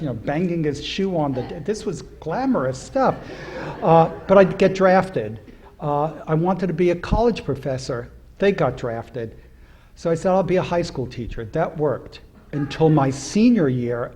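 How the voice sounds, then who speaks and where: A man's voice: fairly high pitch, darkish tone. Older man telling funny life stories. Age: 70s. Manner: storytelling with humor, acts out quoted voices. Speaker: rabbi. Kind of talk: anecdotal speech at a celebration. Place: synagogue hall at an event.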